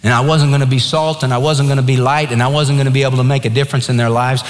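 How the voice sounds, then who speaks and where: A man's voice: mid-range voice, racing. Man preaching in a reverberant church. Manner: earnest preaching with lively emphasis and storytelling. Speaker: pastor. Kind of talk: sermon. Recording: long hall reverb.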